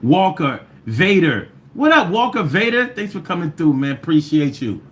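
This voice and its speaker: A man's voice: fairly high pitch, big pitch swings, normal speed, a bit bright. A man from Philadelphia with a Philly accent, hosting a casual livestream and playfully reading out viewer comments, sometimes singing. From Philadelphia, USA. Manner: playful, riffing and breaking into sing-song chants. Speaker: livestream host.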